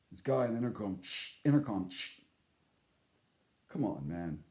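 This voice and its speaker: Animated, profane male storyteller in an echoey room. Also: medium pitch, moderate pace, pauses often. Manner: animated, profane, acts out voices he quotes. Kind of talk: casual storytelling monologue.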